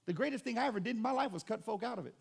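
A man preaching a sermon as pastor, animated and conversational, with joking asides to the congregation. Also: very high-pitched, rapid-fire, vocal fry, husky.

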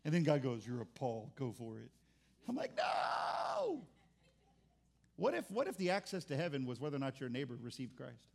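A man's voice: mid-range voice, lively intonation, fast talker, creaky, hardly any pauses, darkish tone. A pastor preaching a sermon in an impassioned, conversational way, often restarting his words.

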